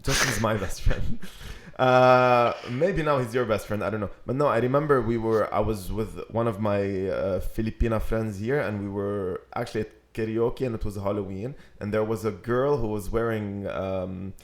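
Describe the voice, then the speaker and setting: A man's voice: on the low side, normal speed, few pauses. A man from Lebanon co-hosting a podcast in casual chat, hesitant and restarting often, with playful swearing. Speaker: podcast co-host. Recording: roomy echo.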